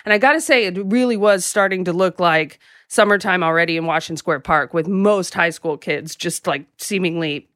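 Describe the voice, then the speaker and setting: A woman's voice: fairly low pitch, moderate pace, hardly any pauses, fairly bright tone, dry recording, studio quality. A woman co-hosting a podcast, running through events and news in an upbeat, chatty way with plenty of fillers. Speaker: podcast co-host. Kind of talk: casual news rundown. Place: home in a city, remote recording.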